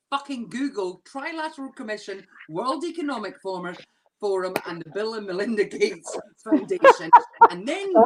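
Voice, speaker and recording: A woman comedian ranting and swearing in a drunken comedy chat over a video call. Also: medium pitch. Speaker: comedian guest.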